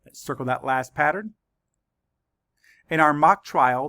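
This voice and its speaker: A man teaching a spelling lesson to children, saying words slowly and spelling them out letter by letter. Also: a little high, vocal fry, fairly bright tone, dry recording. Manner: slow, careful letter-by-letter spelling.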